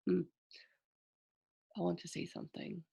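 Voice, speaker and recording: A woman's voice: lowish voice, little pitch movement, a little slow, gravelly, dark tone, slightly rough. A woman astrologer giving a loose, chatty forecast, often stopping to correct herself and tossing in slang. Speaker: astrologer host.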